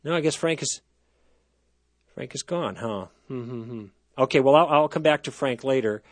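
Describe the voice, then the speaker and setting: A male radio host who talks through his reasoning at length, stopping and restarting as he builds his point. His voice has a husky edge, and the sound is dry and close. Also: mid-range voice, moderate pace, no echo. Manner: thoughtful, explanatory, with frequent restarts. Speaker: radio talk show host. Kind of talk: call-in radio talk.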